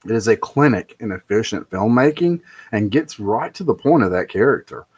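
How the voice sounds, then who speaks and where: Man, lowish voice, casual monologue, emphatic, ranting, digressive. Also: expressive, moderate pace, darkish tone, breathy edge. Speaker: pop culture commentator.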